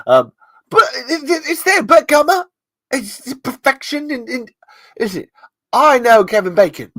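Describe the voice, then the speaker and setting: A man's voice: sing-song, a little slow, fairly bright tone, full character voice. A man doing an impression of an intense male lie-reading expert, ranting and accusing. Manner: ranting, accusing, high-strung.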